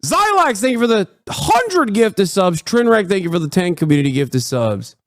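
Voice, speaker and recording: A man in his thirties ranting excitedly and profanely while commentating on a live stream. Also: high-pitched, moderate pace, no room sound, studio quality.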